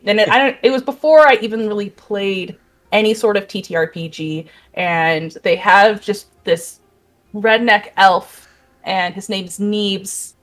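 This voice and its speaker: A woman hosting a casual chat, enthusiastic and quick to laugh. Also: mid-range voice, fairly bright tone. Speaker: host.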